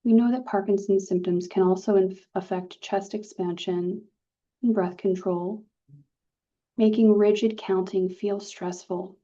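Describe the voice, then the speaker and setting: Soft-spoken woman guiding meditation, dull audio. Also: medium pitch. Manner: calm, soft-spoken, gentle pauses. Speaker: meditation guide. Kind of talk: guided meditation talk. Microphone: video call. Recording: dull lo-fi video call audio.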